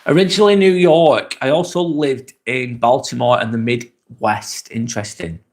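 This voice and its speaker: A man hosting a casual live vlog, reading viewer comments in a relaxed, chatty way and asking lots of questions. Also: mid-range voice, normal speed. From England.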